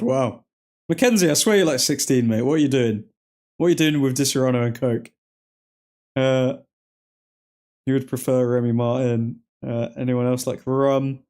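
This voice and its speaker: A man's voice: mid-range voice, steady tone, normal speed, darkish tone. A man with an English accent casually hosting a football watchalong, chatting and reacting to viewer comments. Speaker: livestream host.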